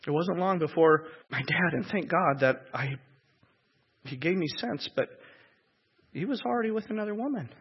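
Gravelly man telling a personal testimony. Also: on the high side, expressive. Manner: emotional, halting storytelling with repeated words. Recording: echoey hall, dull lo-fi sound.

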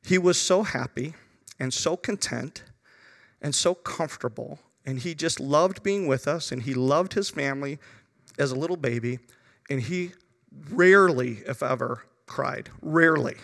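A middle-aged man preaches a storytelling sermon, dropping to hushed, reverent tones and then rising with urgency. His voice sits a little high and has a gravelly edge. A long reverb trails behind him, as in a large church hall. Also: a little slow. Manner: storytelling, swings from quiet reverent lows to urgent raised passages. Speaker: pastor.

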